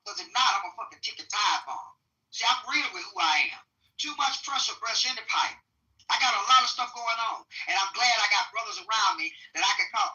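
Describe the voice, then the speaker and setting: A man talks candidly on a podcast, blunt and profane, hammering his points home by repeating himself. His voice has a very bright edge. He is recorded from some distance in a room that echoes around him. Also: high voice. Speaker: podcast speaker. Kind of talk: candid casual talk. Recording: roomy sound from a distant mic.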